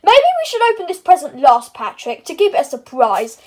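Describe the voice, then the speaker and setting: A woman voicing SpongeBob, a cheerful, excitable male sea sponge, in toy play-acting, eager and fussy. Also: very high voice, fairly quick, exaggerated voice. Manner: eager, fussy, keeps gasping with delight.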